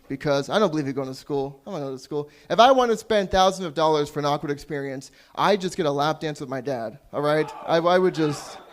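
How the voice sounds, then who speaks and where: A young Canadian man doing open mic stand-up, crude and self-deprecating, sometimes losing track of his jokes. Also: fairly high pitch. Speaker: stand-up comedian. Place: small comedy club stage.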